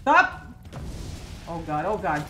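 A woman's voice: on the low side, very animated, takes it slowly, sharp tone, slight background noise. A woman co-hosting a casual gaming livestream, teasing her partner and bursting into laughter. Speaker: co-streamer, host. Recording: echoey room with game music. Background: game music.

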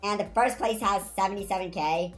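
A woman giving excited commentary on her video game play, shrieking whenever she wins or loses. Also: medium pitch, fairly quick, soft background music. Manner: excitable, shrieks when winning or losing. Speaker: gaming YouTuber.

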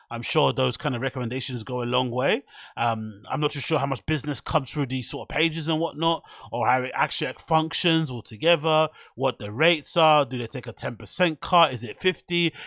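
A man's voice: medium pitch, fairly bright tone, dry recording, studio quality. A man with a British accent hosting a casual solo podcast, talking in a joking, self-mocking way with sarcastic asides. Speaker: podcast host.

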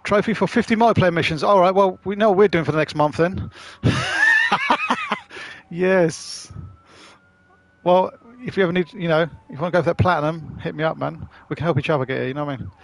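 A man's voice: on the high side, fairly even intonation, brisk, a little hiss or hum. A man, streaming a driving game and bantering casually with friends, swearing as he goes. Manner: chatty, jokey banter with swearing. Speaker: gaming streamer. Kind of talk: casual live-stream commentary.

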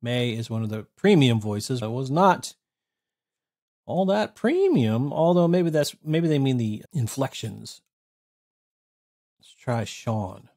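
A man in his thirties casually reviewing software, blunt and sarcastic, swearing freely. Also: mid-range voice, very animated, slow, pauses often. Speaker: tech reviewer. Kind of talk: casual screen-recorded review.

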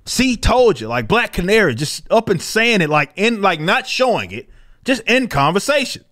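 A man's voice: high-pitched, sing-song, normal speed, bright, forceful tone. A man giving casual video commentary on comic books, blunt, profane and incredulous.

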